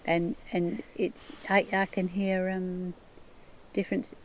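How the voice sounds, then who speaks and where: A woman's voice: on the low side, flat delivery, slow, a little hiss or hum, poor audio. A woman with an English accent chatting casually about accents and greetings, laughing often and restarting her sentences. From England. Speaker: English conversation partner. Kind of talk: casual chat.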